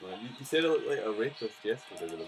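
Rapaz excitado e rápido. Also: male voice, mid-range voice, rapid-fire, a crowd in the background. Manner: excitable, loud bursts of laughter. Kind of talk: rowdy casual banter.

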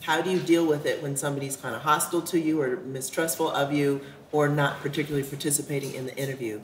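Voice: mid-range voice, fairly even intonation, quick pace. A workshop moderator asking a speaker questions and prompting him to continue. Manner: probing, prompting. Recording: roomy echo with faint noise.

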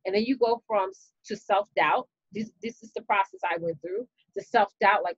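A woman with a New York accent, hosting a casual live stream and telling a story to her viewers in a lively, chatty way, calling them y'all. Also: mid-range voice, moderate pace, few pauses, breathy edge, no echo, muffled recording. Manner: animated, chatty, talks straight to viewers with y'all and you know. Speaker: business coach and live-stream host.

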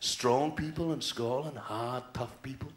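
A man's voice: medium pitch, steady tone. A man with a southern English accent doing a live stand-up routine, ranting in a sardonic way. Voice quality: ranting, sardonic and fast-talking. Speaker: stand-up comedian. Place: large theater stage. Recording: echoey theater hall.

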